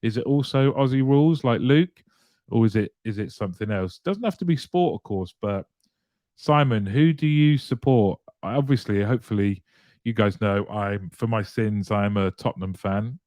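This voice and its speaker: Chatty male host with a low, dry voice. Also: normal speed, darkish tone, no echo. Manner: chatty, greets viewers one by one, laughs lightly. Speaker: live show host. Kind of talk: casual live-stream chat, reading viewer comments aloud.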